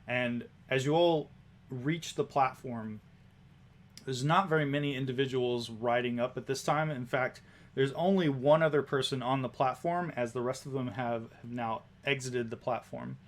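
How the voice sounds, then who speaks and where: A man's voice: mid-range voice, normal speed. Man narrating a tabletop game. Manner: relaxed scene description with small restarts. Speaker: game master.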